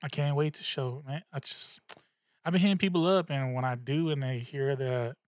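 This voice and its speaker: A man's voice: medium pitch, steady tone, a little fast, no echo, clean studio sound. A man hosting a casual solo podcast, rambling and swearing in a laid-back way, a little tipsy and slurring slightly. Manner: rambling, profane, laid-back, laughs at himself. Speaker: podcast host.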